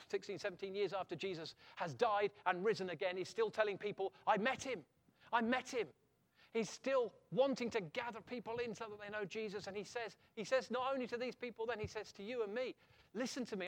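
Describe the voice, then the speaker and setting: Middle-aged guy preaching, pretty high voice, lively, keeps asking the crowd questions. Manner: animated, asks the audience rhetorical questions. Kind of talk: sermon.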